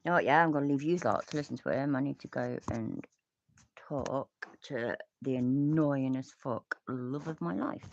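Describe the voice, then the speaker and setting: This British livestream host reacts to videos in casual, chatty commentary, swearing and laughing as she goes. Her voice is bass and moderately paced, and the recording is muffled with a little hiss or hum.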